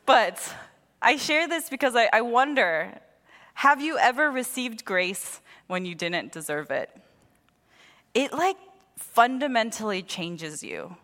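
Delivering a sermon, a young woman shares a personal story with animation, voicing each character in it. She speaks slowly in a slightly high voice, and a long hall reverb fills the recording.

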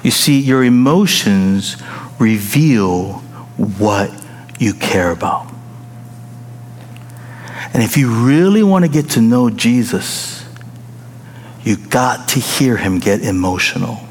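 A man preaching a sermon and telling a personal story, in an animated way with high excited bursts. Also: takes it slowly, long pauses, slight background noise. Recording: long reverb of a large hall.

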